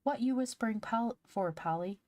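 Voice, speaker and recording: A woman voicing Joel, an excited and demanding little boy, in a storybook reading. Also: fairly high pitch, normal speed, pitched above the performer's own voice, lightly acted.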